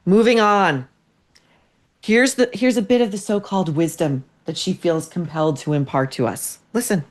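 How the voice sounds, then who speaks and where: A woman's voice: on the low side, normal speed. Blunt, sarcastic woman podcast host. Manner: blunt, profane, sarcastic ranting. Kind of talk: opinionated commentary.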